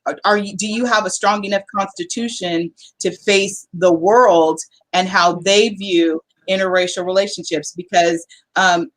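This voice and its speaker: A woman's voice: lowish voice, steady tone, a little slow. A woman from Southern California with a Southern Californian accent, a guest on a panel chat, talking in a candid, chatty way with lots of fillers.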